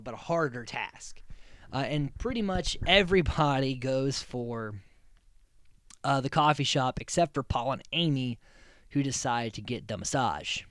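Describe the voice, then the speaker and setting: A man's voice: a little high, no room sound, studio quality. Laughing, rambling man recapping a show. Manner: rambling, amused, laughs often, many restarts. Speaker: podcast host. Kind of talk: casual recap podcast.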